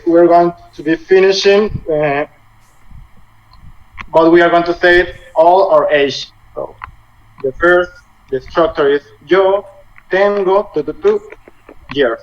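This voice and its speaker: A man in his twenties teaching a language lesson over a video call, halting and often rephrasing as he explains. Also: on the high side. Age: 20s. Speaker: Spanish teacher. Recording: muffled video call audio with faint noise.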